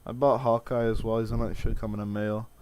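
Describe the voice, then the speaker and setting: A man's voice: on the low side, level tone, a little fast, a little mellow, smooth. A man in his twenties venting in a rambling, profane vlog with many restarts. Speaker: vlogger.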